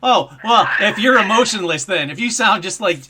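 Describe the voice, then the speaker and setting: A man hosting a live call-in show, chatting casually and excitedly, poking fun at himself. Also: high voice, normal speed. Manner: animated, self-mocking, easily excited. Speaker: host.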